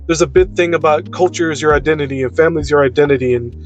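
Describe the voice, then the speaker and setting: A man with a slightly high-pitched voice talks off the cuff, blunt and emphatic, with plenty of profanity. Faint music plays quietly underneath him. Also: racing, lo-fi sound. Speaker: video creator. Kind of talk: unscripted personal monologue.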